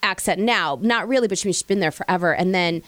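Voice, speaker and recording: A woman in her forties hosting a casual interview, chatty and effusive with quick asides. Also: on the low side, a bit bright, no room sound. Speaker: host.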